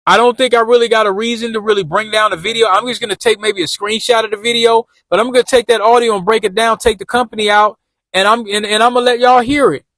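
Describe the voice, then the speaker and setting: High-voiced man chatting casually in slang. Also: fairly even intonation, fast, a bit bright, no echo. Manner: loose, repetitive street slang, addresses viewers as y'all. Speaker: vlogger giving job-interview tips. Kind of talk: casual talk while driving. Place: car.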